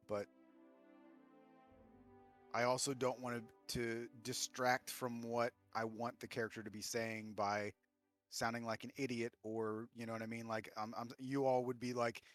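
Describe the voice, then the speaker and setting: A man's voice: mid-range voice, a bit bright, dry recording. A man narrating a tabletop game as game master, rambling with many fillers and restarts.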